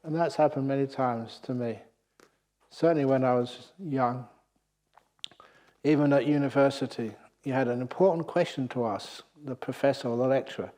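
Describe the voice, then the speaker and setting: Male monk, retreat talk, animated storyteller, mid-pitched voice. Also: moderate pace. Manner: lively storytelling, laughs at own jokes. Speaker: Buddhist monk teacher. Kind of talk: dharma talk at a meditation retreat.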